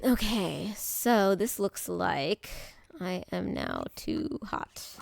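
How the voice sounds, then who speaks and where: A woman streaming live, talking casually to her chat in a rambling way, with many fillers and restarts and bubbly bursts of excitement. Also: fairly low pitch, extremely slow, gravelly, no echo, clean studio sound.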